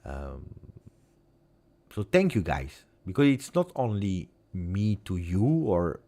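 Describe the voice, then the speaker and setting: On his own live stream, a football fan channel host with an Italian accent chats casually, his low voice rising and falling in a very lively way. He speaks slowly and with emotional, heartfelt feeling, repeating words and swinging between loud bursts and near-whispers.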